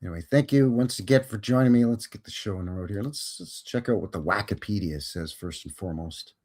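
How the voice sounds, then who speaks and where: A man's voice: lowish voice, brisk, darkish tone. A man hosting a casual live stream, joking and rambling and now and then slipping into silly voices. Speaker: host.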